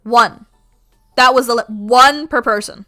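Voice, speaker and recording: A woman streamer launches into an animated, swear-laden rant for her chat. Her voice is bright and forceful and sits a little high, and she can project it loudly whenever she chooses. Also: measured pace, soft background music. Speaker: art streamer. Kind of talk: casual storytelling rant.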